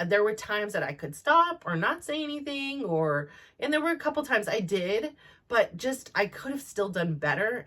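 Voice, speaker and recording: A woman's voice: lowish voice, a bit bright. A woman in her forties hosting a podcast, talking candidly and rambling with many restarts. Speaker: podcast host. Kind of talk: candid personal monologue.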